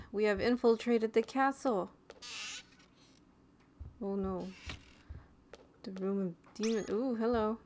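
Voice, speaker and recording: A woman giving casual, chatty commentary while playing a video game, easily delighted by what she sees. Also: medium pitch. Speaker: let's play commentator.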